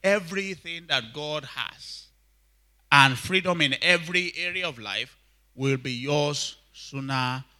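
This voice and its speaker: A man's voice: fairly high pitch, slow, bright, forceful tone. A man preaching a sermon, emphatic, repeating key lines and calling for responses from the congregation.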